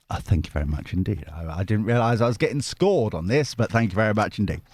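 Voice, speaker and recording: Chatty, jokey man, lively voice. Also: fairly low pitch, brisk, few pauses, no room sound. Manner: self-deprecating, jokey, chatty, many restarts. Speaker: tarot reader and channel host. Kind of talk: casual rambling chat to camera.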